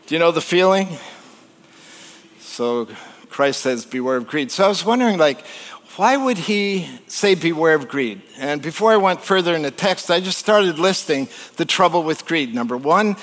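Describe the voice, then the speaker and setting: Male pastor, sermon, conversational with jokes, slightly high voice, long church reverb. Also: lively intonation, moderate pace, fairly bright tone. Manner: conversational, joking, rhetorical questions to the congregation. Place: church sanctuary.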